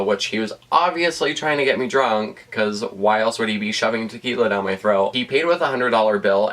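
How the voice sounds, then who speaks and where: A man from Utah telling a storytime vlog, rambling and animated, heavy on fillers and swearing. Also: fairly low pitch. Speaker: vlogger.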